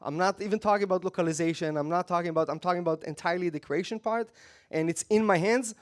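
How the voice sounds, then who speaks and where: A man walks an audience through a live software demo, his speech loose and full of repeated phrases. His voice sits a bit higher than most men's. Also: quick pace. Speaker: conference presenter. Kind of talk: live product demo talk.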